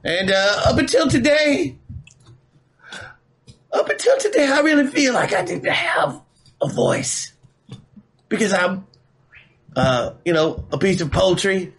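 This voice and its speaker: Man doing a talking turkey leg, earnest, emotional, halting, fairly high voice. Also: big pitch swings, a bit bright, full character voice. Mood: heartfelt. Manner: slow, heartfelt, halting speech.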